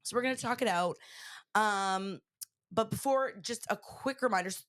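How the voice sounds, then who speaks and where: A woman's voice: medium pitch, normal speed, a bit bright, dry recording, studio quality. A young woman hosting a podcast in casual chat, rambling with many fillers while her voice recovers from being lost. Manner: chatty, rambling, lots of fillers. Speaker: podcast host.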